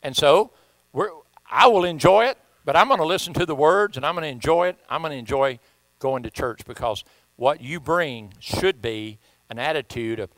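A man's voice: a little high, animated, moderate pace, fairly bright tone, no echo, rough recording. A man with a Southern US accent preaching a sermon as pastor, folksy and joking, often repeating himself.

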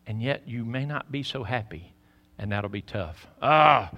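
A man preaching a sermon in a church, folksy and preachy, swinging between loud emphasis and hushed asides. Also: mid-range voice, expressive, measured pace. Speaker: pastor. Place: church sanctuary. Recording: reverberant church hall.

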